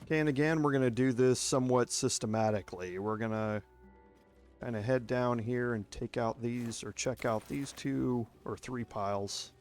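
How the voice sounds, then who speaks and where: A gameplay streamer with a Texas accent chats casually while he plays a video game, walking through each step as he goes. His voice is mid-range and a bit dark, his pace is moderate, and faint music plays in the background.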